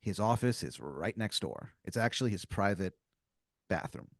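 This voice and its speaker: A man's voice: fairly low pitch, animated, moderate pace, no echo, clean studio sound. A man improvising a story as game master on a comedy podcast, rambling with lots of fillers.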